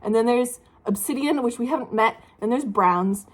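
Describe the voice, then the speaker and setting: A woman's voice: fairly high pitch, moderate pace. A young woman book vlogger talking casually at home, chatty and ranting with lots of fillers. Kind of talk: casual chat. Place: room at home, at night.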